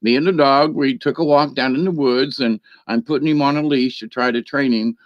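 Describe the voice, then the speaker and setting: A man with a medium-pitched, slightly fast voice hosts a spiritual channel and tells a rambling, meandering story from home beside his computer. He chuckles often and fills pauses with "you know." The recording is dry, a bit dull, and lo-fi.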